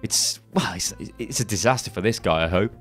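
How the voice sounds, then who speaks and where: A man's voice: lowish voice, brisk, a bit bright, breathy edge, soft background music. A man hosting a gaming channel, ranting angrily with heavy swearing and frequent restarts. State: angry. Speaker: YouTube gaming channel host. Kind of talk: angry commentary video.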